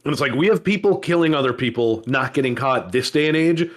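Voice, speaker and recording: Animated, jokey podcast co-host. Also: medium pitch, fast talker. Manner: animated, jokey, swears freely. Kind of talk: casual chat.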